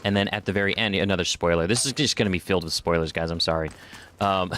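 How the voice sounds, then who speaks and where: This streamer is a fast talker with a low, fairly bright voice and fairly even intonation, plus a little hiss or hum in the audio. He gives casual let's-play commentary on a video game, chatting and reading in-game notes aloud at a desk microphone by his computer.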